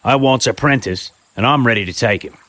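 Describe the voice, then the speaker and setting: A man voicing a rough, blunt rustic tradesman who talks in coarse, broken grammar during a storybook reading. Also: medium pitch, a little fast, a bit bright, dry recording, voice pushed up, close to an everyday voice. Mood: eager. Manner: coarse, eager, dropped grammar.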